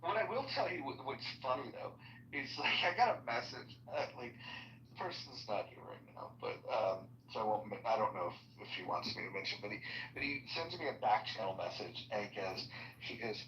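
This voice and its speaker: A man hosts a casual chat, rambling and hesitating with constant fillers. His voice is bright. He sounds distant and echoey, and the audio is dull. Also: fairly low pitch, sing-song, normal speed, slight background noise. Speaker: host. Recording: far-off roomy lo-fi audio.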